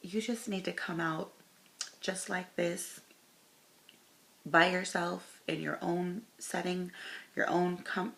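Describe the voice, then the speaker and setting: A woman with a low voice and a gravelly, fry-heavy edge, talking casually to camera. She pauses and corrects herself as she goes, then reads posts out loud in a commentary vlog. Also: steady tone. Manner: talks straight to camera, stops herself and corrects course. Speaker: commentary vlogger. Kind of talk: casual commentary, reading tweets aloud.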